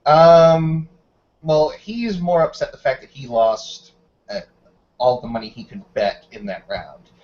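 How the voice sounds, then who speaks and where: A man running a tabletop game as game master, describing the scene in a measured way. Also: fairly high pitch. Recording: dull lo-fi recording.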